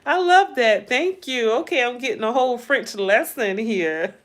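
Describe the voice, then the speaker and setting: A middle-aged woman hosting a casual livestream, chatting with viewers, asking them lots of questions in a playful, drawn-out way. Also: a little high, lively intonation. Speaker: livestream host. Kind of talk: casual livestream chat reading viewer comments.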